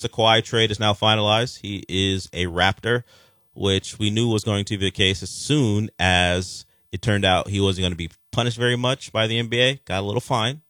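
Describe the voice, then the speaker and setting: A man's voice: deep voice, a bit bright, no room sound, clean studio sound. A man hosting a sports talk show, chatting casually about league news with wry, sarcastic asides. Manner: conversational, with frequent fillers and restarts.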